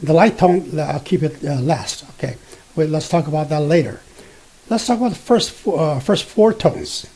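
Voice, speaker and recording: A man teaching beginner Mandarin, explaining slowly with many fillers and self-corrections, and spelling out letters and sounding out tones. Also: a little high, expressive, darkish tone, husky. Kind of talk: beginner language lesson.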